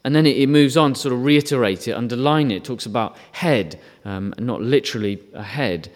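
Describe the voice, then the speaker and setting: A man's voice: medium pitch, brisk. Male preacher with a long hall reverb. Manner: conversational, rhetorical questions, acts out short quotes. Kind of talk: sermon.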